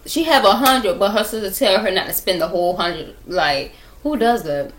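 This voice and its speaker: A young vlogger tells her viewers a rambling story in a casual chat, repeating herself and talking straight to them, recorded on a laptop at home. Her mid-range voice is expressive and moves at a normal speed.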